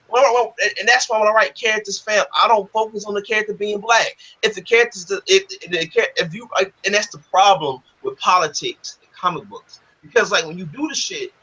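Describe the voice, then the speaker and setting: A man's voice: sits high, sharp tone, husky. A man hosting a casual discussion, ranting in a heated, profane, emphatic way. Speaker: podcast host. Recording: dull lo-fi audio.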